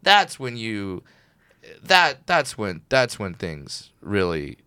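A man from Southern California, a comedian guest on an interview show, telling animated stories and acting out the people in them. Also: lowish voice, takes it slowly, smooth, no room sound. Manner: animated storyteller, acts out quotes. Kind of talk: casual interview chat.

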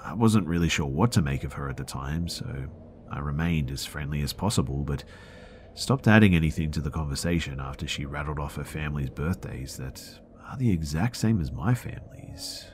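Very deep-voiced man narrating creepy stories. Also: a little mellow, slight background noise. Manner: dramatic, drops to a whisper for asides. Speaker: podcast host reading listener stories. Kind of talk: scripted horror story narration.

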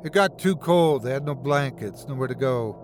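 A man voicing a vengeful female ghost who speaks in a low, hushed, accusing way. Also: animated, moderate pace, a little hiss or hum, natural voice.

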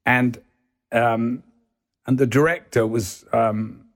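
An older man, a guest on a podcast, telling lively stories and acting out the voices in them. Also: medium pitch, slow pace. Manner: animated, laughing, acts out voices. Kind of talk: anecdotal storytelling.

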